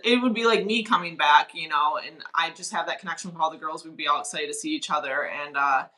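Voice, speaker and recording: Bright-voiced chatty young woman. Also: sits low, rough recording. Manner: chatty, frank, lots of "like". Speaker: former contestant guest. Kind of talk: casual podcast discussion.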